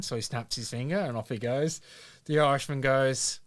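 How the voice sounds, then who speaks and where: A man's voice: mid-range voice, fairly even intonation, moderate pace. A man podcast co-host telling a joke in casual chat, laughing as he goes. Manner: laughs while joking.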